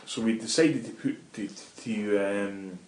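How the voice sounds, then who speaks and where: A middle-aged Scottish man, a guest in an interview, telling animated anecdotes in casual talk and swearing freely. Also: fairly low pitch, unhurried. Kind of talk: casual storytelling. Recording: roomy echo.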